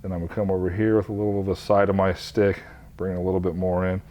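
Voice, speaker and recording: A man, a craft instructor, talking through an epoxy resin demonstration step by step in a relaxed way. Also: low voice, quick pace.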